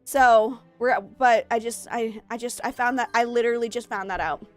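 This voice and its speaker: A woman's voice: a little high, steady tone, normal speed, clear, resonant tone. A woman streaming a game, chatting in a rambling way that jumps between topics, a little out of breath. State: slightly out of breath. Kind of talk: casual chat while streaming a game. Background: faint game music.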